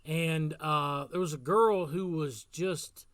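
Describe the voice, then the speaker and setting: A man's voice: fairly high pitch, takes it slowly, a bit bright, clean tone, dry recording, studio quality. A man giving a casual devotional talk as pastor, telling a story in an earnest way and repeating phrases for emphasis.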